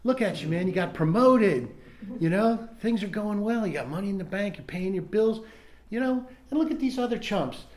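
A man voicing his own sly inner voice, which flatters him and coaxes him toward a drink. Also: high-pitched, normal speed, echoey room, voice pushed up. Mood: coaxing. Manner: wheedling, buddy-like, flattering. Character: sly coaxing male inner voice urging a drink.

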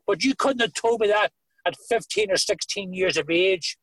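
A man's voice: high voice, normal speed, a bit bright, no room sound, low-quality recording. A middle-aged man with a Northern Irish accent, giving earnest personal testimony with dry humor on a video call. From Northern Ireland. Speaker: recovery meeting speaker.

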